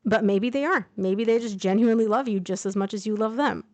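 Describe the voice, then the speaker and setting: A woman's voice: mid-range voice, brisk, dry recording. Chatty woman reading tarot, dry sound. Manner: chatty, thinking aloud with fillers and asides. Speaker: tarot reader. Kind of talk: casual tarot reading to camera. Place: indoors, traveling.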